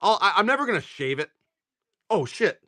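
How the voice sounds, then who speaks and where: A man's voice: high-pitched, very animated, pushed and bright. A young man casually chatting and joking on a live stream as he opens card packs and reads out the names of the cards. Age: young adult. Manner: jokey, rambling, reads card names aloud in quick lists.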